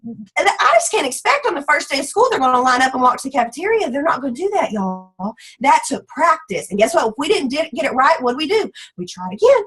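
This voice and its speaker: A woman leading a motivational team call, energetic and folksy, slipping into playful voices for quotes. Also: high voice, fast talker, rough recording. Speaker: team leader.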